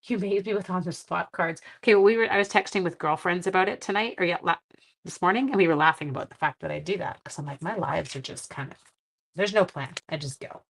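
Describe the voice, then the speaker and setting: A woman's voice: lowish voice, fast talker, creaky, fairly bright tone. A woman from Canada, a little congested, hosting a live card-making demo with chatty, giggly asides. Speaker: craft stream host.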